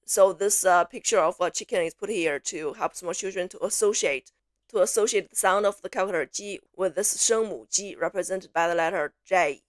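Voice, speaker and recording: A woman teaching pronunciation, slowly repeating syllables and words for learners to copy, switching between English explanations and drills. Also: fairly low pitch, no room sound, clean studio sound. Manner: slow, clear repetition, drawn-out syllables for learners. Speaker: Mandarin teacher.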